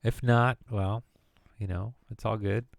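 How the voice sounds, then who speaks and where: A man's voice: lowish voice, fairly even intonation, a little slow, gravelly, no room sound. A man streaming from his computer at home, chatting casually and rambling into jokes and word games. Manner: rambling and jokey, riffing on words. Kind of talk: casual live-stream chat.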